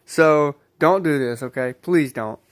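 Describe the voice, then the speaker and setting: A man's voice: fairly high pitch, a little slow. A man casually telling a personal story, rambling, repeating himself and swearing freely.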